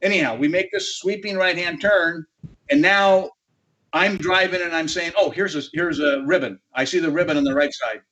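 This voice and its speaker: A man's voice: fairly high pitch, moderate pace, bright, forceful tone. A man telling a rambling, salty off-road racing yarn to a panel in casual chat. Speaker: panel guest. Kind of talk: casual storytelling. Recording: dull lo-fi audio.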